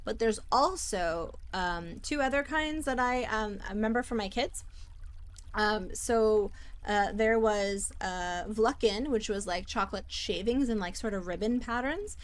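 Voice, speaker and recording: A woman's voice: medium pitch, a little slow. A woman from the Netherlands chatting casually as she streams a game, bubbly and talkative while reading chat aloud. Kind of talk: casual gameplay commentary.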